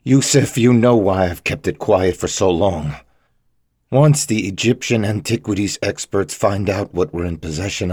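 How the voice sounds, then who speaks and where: A man's voice: deep voice, darkish tone, husky, dry recording, studio quality. A man voicing a bound, panicked male scholar who pleads and argues in a strained, raised voice.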